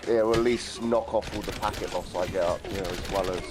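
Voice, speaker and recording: A man's voice: sits low, steady tone, brisk, noisy background. A British man chatting bluntly over a voice call, swearing casually. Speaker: stream guest, friend. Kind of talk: casual chat.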